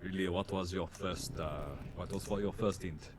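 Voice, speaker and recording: A man's voice: low voice, fairly even intonation, normal speed, a little hiss or hum, lightly acted. A man voicing an aloof, undying male servant of a death goddess in a tabletop game, dry and sardonic.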